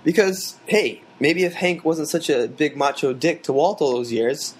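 A man chatting casually about a TV episode, quick and enthusiastic with lots of filler words. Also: fairly high pitch, breathy edge.

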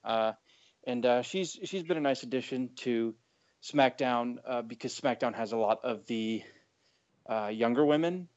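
A man co-hosting a wrestling podcast, reviewing a match in a halting, easygoing way with many fillers. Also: mid-range voice, a little mellow. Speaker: podcast co-host. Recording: dull, lo-fi audio.

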